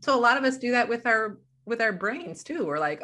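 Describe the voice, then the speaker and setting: A woman's voice: fairly high pitch, lively intonation, brisk, few pauses, pushed and bright. A woman guest on a podcast interview, a life coach talking over a video call and explaining through everyday examples.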